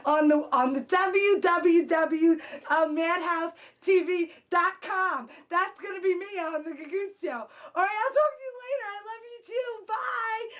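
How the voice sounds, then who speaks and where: A giddy, excitable young woman who gushes and rambles breathlessly, as a woman plays her in a comedy sketch. Her voice sits very high and squeaky. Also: measured pace, hardly any pauses.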